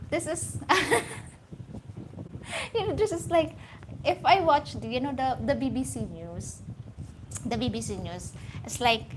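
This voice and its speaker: A woman's voice: fairly high pitch, noisy background. A woman from the Philippines with a Filipino accent, a guest chatting casually in an interview and laughing often. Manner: giggly, animated, laughs often. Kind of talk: casual chat.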